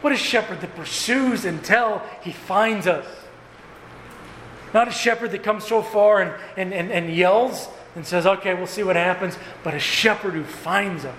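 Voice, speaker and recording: A man preaching a sermon as pastor, earnest and emphatic, with slow stressed phrases and repetition. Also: high-pitched, a bit bright. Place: church sanctuary. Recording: echoey hall with faint room noise.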